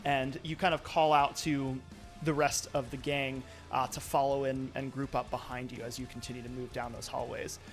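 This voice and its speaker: A man's voice: mid-range voice, level tone, normal speed, soft background music. A man narrating as game master of a live tabletop role-playing game, talking loosely with many fillers.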